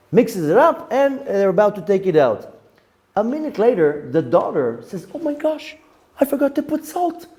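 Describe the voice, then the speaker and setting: Rabbi giving a lively storytelling lesson; higher male voice, warm and dark in tone, with many repeats. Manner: animated, repeats words, acts out quotes in the story.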